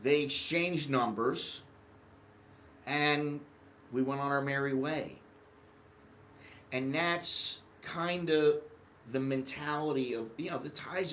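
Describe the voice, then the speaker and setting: A man from the United States telling rambling, animated anecdotes in a casual vlog monologue. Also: fairly high pitch, takes it slowly, pauses often, a little hiss or hum. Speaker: vlogger.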